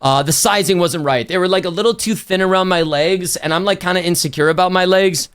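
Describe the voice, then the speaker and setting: High-voiced rambling male streamer. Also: fairly quick, fairly bright tone, clean tone. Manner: rambling, slangy, self-correcting. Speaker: livestreamer. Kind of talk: casual chat to a stream chat.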